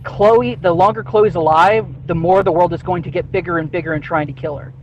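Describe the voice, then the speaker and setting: A man's voice: high-pitched, steady tone, brisk, muffled recording, a little hiss or hum. A man co-hosting a casual podcast chat, speaking bluntly and swearing offhandedly. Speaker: podcast co-host. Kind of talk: casual group chat on a video call.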